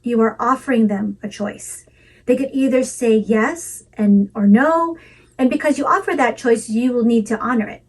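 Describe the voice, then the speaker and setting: A woman giving a calm, measured talk with practical tips for parents, in a melodic teaching delivery. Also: fairly high pitch, distant mic, slight background noise, low-quality recording. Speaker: parenting educator. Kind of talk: scripted instructional talk.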